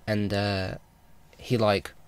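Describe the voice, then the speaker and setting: A man talks through a film recap in a casual vlog, rambling along with plenty of ums and restarts. His voice sits a little low, and he sounds like an eager fan. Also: little pitch movement, slow, clean tone. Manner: rambling, with many fillers and restarts; enthusiastic fan talk. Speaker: vlogger.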